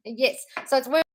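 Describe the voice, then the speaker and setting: Chatty woman, slightly high voice. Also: slight background noise. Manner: chatty, scattered, often apologizing to viewers. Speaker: manifestation coach hosting a live stream. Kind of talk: casual live-stream chat answering viewer comments.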